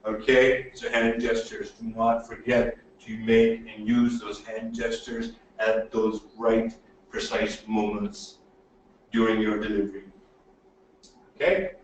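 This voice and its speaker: A man teaching presentation skills in a webinar, animated and emphatic, checking in with "okay?" often. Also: fairly low pitch, slow. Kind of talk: webinar lecture. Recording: very echoey room audio from a distance, faint noise.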